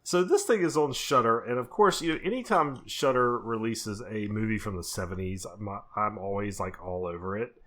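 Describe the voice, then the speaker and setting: A man co-hosting a horror movie podcast, chatting casually and with excitement, full of fillers and restarts. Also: lowish voice, moderate pace, hardly any pauses. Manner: enthusiastic, rambling, lots of fillers. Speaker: podcast co-host. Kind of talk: casual chat.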